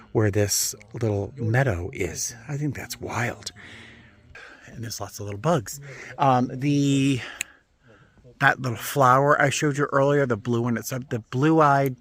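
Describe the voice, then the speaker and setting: A man rambles cheerfully while filming himself on a stroll through the desert, breaking into delighted exclamations. He talks casually and warmly to his viewers. His voice sits at an ordinary pitch, recorded outdoors on a handheld camera. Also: a little slow. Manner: chatty, easily delighted, exclaims often. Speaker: vlogger. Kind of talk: casual walking vlog.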